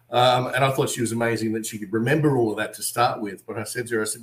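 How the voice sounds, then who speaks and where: An Australian man in his forties tells an animated story on a video call, slipping into voices for the people he quotes. His voice sits in a middle pitch. The echo of the room around him comes through the call. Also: quick pace, few pauses. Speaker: guest.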